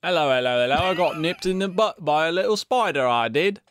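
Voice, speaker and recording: A man voicing a hammy British Spider-Man spoof in a deliberately bad English accent, bumbling and stammering. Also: on the high side, animated, a bit bright, a little hiss or hum, pitched above the performer's own voice. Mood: goofy. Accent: exaggerated fake English accent.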